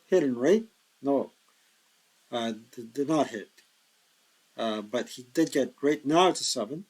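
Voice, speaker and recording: A tired man thinking aloud in a slow mutter as he plays a board wargame solo, counting hexes and working out dice rolls. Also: medium pitch, lively intonation, darkish tone, husky, rough recording. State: tired, yawning.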